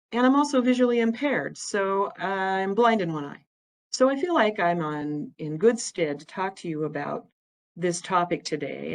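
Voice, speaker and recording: A woman's voice: lowish voice, poor audio. A woman, giving a plain-spoken, chatty educational talk about eye care as an ophthalmic imager. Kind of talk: informal educational presentation with slides.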